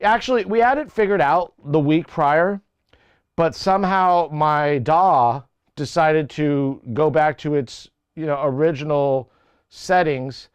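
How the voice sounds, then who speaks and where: A man hosting a studio livestream, talking slowly in a fairly high, smooth voice. He rambles through technical details and stops to correct himself. The sound is dry and close, from a lapel mic. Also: no echo, dull audio. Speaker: livestream host. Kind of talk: casual technical chat. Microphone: lavalier mic.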